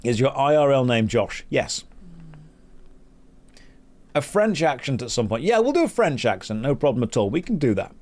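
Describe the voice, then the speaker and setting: A man's voice: medium pitch, very animated, normal speed, pauses often, a little mellow. A British man chatting casually and joking while streaming a game. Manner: joking, rambling. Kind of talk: casual gameplay chat.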